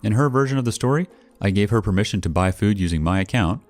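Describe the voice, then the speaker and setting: Deep-voiced man narrating with lively inflection. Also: quick pace, no echo. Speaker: story narrator. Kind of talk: first-person story reading. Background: faint background music.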